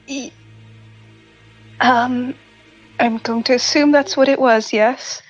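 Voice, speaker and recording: Brief: female tabletop player, fairly high voice, earnest, muffled lo-fi recording. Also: steady tone, slow, soft background music. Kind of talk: tabletop game play. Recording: dull, lo-fi mic.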